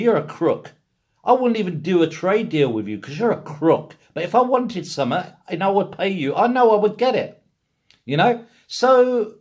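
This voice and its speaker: Ranting English man, higher voice. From England. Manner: ranting, repetitive rhetorical questions. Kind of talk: casual political rant.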